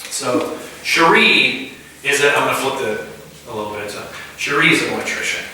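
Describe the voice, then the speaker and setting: A man's voice: mid-range voice, normal speed, slight background noise. A man preaching an informal sermon in a house church, acting out little scenes and questioning the room. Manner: animated, acts out little scenes, asks the room. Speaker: pastor. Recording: echoey room, mic far off.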